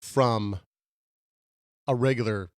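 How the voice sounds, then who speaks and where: Animated man arguing a food review. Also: mid-range voice, slow, no room sound, clean studio sound. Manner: animated, argumentative, talks with mouth full. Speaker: podcast co-host. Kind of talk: casual food review chat.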